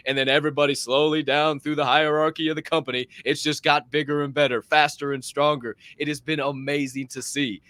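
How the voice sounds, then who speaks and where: A man co-hosting a podcast in casual chat, energetic and profane, often laughing. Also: on the high side, dry recording. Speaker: podcast co-host.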